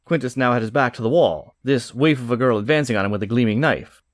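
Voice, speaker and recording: A man narrating a comic novel aloud in an expressive reading. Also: medium pitch, fast, no echo, studio quality. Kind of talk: audiobook narration.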